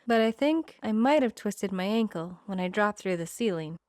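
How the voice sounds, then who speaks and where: A woman's voice: medium pitch, expressive, moderate pace, darkish tone, dry recording, studio quality, close to an everyday voice. A woman voicing an earnest young woman just out of college, often speaking in a whisper in a storybook reading.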